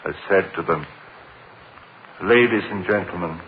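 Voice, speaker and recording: A man's voice: low-pitched, measured pace, a little hiss or hum. An actor playing a haunted lecturer who narrates his slide into madness, intense and frantic, in 1940s radio drama style. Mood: brooding. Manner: intense, breaking into frantic cries. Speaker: narrator and lead. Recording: muffled old radio recording.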